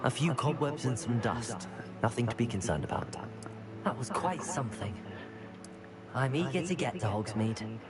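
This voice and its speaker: An actor playing a polite young male wizard student, stiff and flat in delivery. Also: medium pitch, moderate pace, lightly acted. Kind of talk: video game voice acting. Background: game music.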